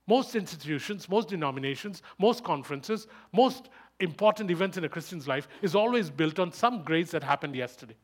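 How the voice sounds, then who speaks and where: Fast, emphatic preaching man. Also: on the high side, lively intonation. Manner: emphatic, rhetorical questions, rises to loud bursts; speaks fast. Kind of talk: sermon.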